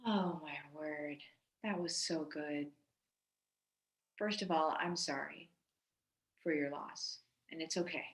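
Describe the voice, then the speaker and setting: Woman host, low voice, roomy sound, encouraging, repetitive praise. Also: slow pace, pauses often. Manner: warm praise, emphatic repetition. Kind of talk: hosting a video call. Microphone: video call.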